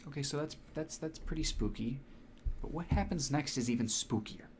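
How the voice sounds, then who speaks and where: A man's voice: a little high, normal speed, a little mellow, soft background music. A man hosting a stream, reading spooky accounts aloud in a dramatic way and breaking off to react to them. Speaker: stream host.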